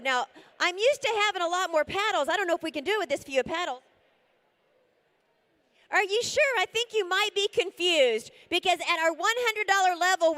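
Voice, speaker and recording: A woman's voice: very high-pitched, fairly bright tone. A woman calling a live charity auction, coaxing the crowd and rattling off repeated bid figures.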